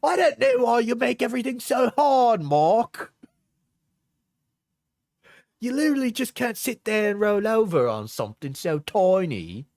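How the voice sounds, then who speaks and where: A man putting on a high, whiny voice with a mock Cockney accent to mock an angry young woman. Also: sing-song, a little mellow, dry recording, clean studio sound, exaggerated voice. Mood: shrill. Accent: mock British, Cockney attempt. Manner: mocking falsetto, drawn-out whiny delivery. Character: shrill angry young woman, petty and accusing. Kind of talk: mocking read-aloud of messages.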